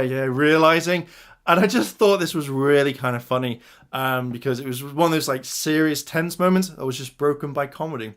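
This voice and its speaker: Excited man reviewing a show. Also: on the high side. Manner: enthusiastic, retells scenes with quoted lines. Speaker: video reviewer. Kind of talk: excited casual episode review.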